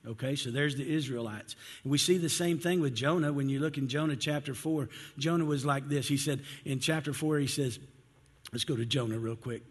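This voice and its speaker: A man's voice: mid-range voice, brisk, breathy edge. A man preaching a sermon in a conversational way, acting out the complaints of biblical figures. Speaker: pastor. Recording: hall reverb.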